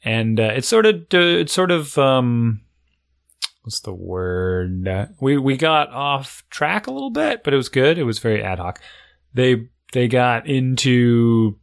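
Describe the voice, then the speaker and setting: A man's voice: medium pitch, sing-song, a little slow, vocal fry. A man co-hosting a casual podcast, chatting and musing as he talks things through with fillers. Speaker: podcast co-host. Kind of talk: casual chat.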